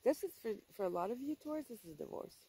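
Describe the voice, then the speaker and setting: A woman's voice: fairly high pitch, animated, racing, dark tone, breathy edge, dry recording, rough recording. A woman giving a casual tarot reading for viewers, blunt and emphatic, swearing freely and repeating herself for stress. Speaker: tarot reader.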